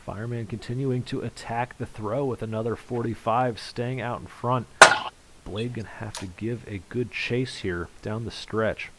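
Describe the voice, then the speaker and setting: A man's voice: mid-range voice, fairly even intonation, normal speed, very noisy. A man commentating live on an online darts match, calling scores and reading out viewer chat in a conversational way. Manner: voice rises sharply on big finishes.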